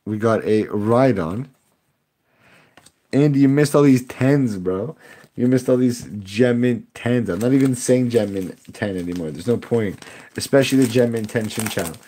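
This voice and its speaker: Chatting with his live-stream viewers as he opens card packs, a young man jokes sarcastically and laughs a lot. His mellow, mid-range voice moves at a measured pace.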